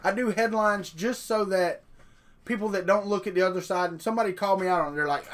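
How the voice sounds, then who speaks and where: Folksy man, slightly high voice. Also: quick pace. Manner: folksy, rambling, talks off the cuff. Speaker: live stream host. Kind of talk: casual live stream chat.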